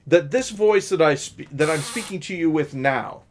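A man co-hosting a casual podcast, his voice set somewhat high on purpose. He talks in loose, rambling sentences full of restarts and small fillers. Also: expressive, slight background noise. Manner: talks in many restarts and fillers, deliberately pitched-up voice. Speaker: podcast co-host. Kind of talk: casual chat.

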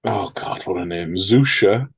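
A man's voice: medium pitch, expressive, moderate pace, a little mellow. A man co-hosting a film podcast, rambling jokily through tangents and swearing freely in casual chat. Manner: rambling, jokey, swears freely, breaks into mock voices. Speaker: podcast co-host.

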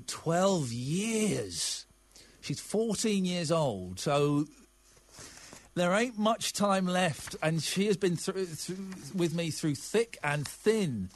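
A middle-aged English man hosting a casual radio phone-in, chatting and reading listeners' texts with open emotion. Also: a little high.

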